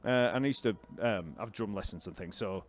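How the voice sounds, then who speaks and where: Relaxed man teaching bass live. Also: fairly quick. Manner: relaxed, explanatory, counts beats aloud. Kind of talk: live online lesson, answering chat questions.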